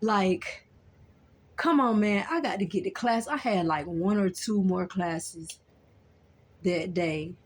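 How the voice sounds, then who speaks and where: Young woman rambling thru a story, talky and loose, mid pitch, bit of faint hiss behind. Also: takes it slowly. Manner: chatty, colloquial, frequent "you know what I'm saying". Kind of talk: casual storytelling.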